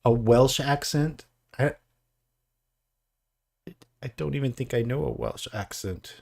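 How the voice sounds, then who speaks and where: A man co-hosting a live painting stream, chatting casually in a slow, meandering way with many hesitations. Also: medium pitch, vocal fry, a little mellow. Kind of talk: casual chat.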